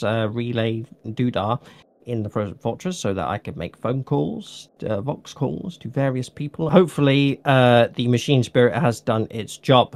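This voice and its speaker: A man hosting a relaxed hobby podcast, rambling and restarting his sentences with a joking tone. His voice sits at an ordinary middle pitch and sounds dry and close, with no room echo. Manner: rambling, self-correcting, jokey. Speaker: podcast host. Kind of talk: casual chat.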